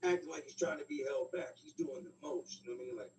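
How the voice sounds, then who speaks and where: A middle-aged man casually telling a personal street story, slangy and animated, acting out the other people's lines. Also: medium pitch, fast, slight background noise. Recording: roomy sound from a distant mic, faint ambience.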